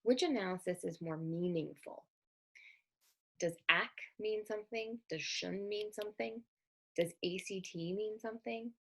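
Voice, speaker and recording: A woman's voice: mid-range voice, a little slow, a bit bright. A woman literacy educator giving an explanatory lecture in a conversational way, often asking rhetorical questions.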